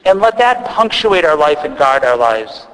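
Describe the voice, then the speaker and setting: A high-voiced man with an Upper Midwest accent delivers a sermon. He talks in a relaxed, conversational way, restarting phrases and adding asides. His voice rings out with a long reverb in a church. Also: normal speed. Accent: Upper Midwest American. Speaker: priest.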